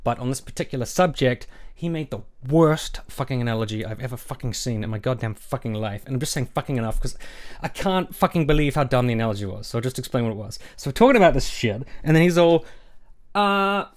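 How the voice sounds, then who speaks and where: A man's voice: medium pitch, expressive, fast. A man ranting on a vlog in an angry, sarcastic, heavily profane way. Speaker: YouTuber.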